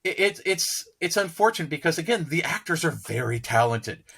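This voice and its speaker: Podcast co-host, male, slightly high bright voice, enthusiastic, long run-on sentences. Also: animated, brisk, gravelly, slightly rough. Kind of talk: casual podcast chat.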